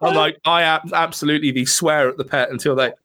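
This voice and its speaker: A man's voice: a little high, fairly even intonation, quick pace, pushed and bright. A man co-hosting a casual film podcast, swearing freely and acting out scenes in silly voices. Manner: sweary, jokey, acts out bits in silly voices. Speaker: podcast co-host. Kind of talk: casual film review chat.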